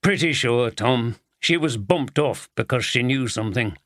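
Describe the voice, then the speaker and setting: A weary detective inspector who talks plainly and makes light of his own mistakes, as a man reads him. The voice stays close to the reader's own medium pitch, and the recording is dry and close. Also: lively intonation, normal speed, a bit bright, no room sound, lightly acted. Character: weary, self-mocking male detective inspector.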